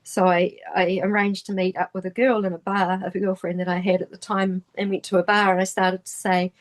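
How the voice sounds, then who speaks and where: Halting New Zealand woman telling a story. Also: medium pitch, little pitch movement. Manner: halting, full of restarts and trailing phrases. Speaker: guest. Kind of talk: personal storytelling in an interview.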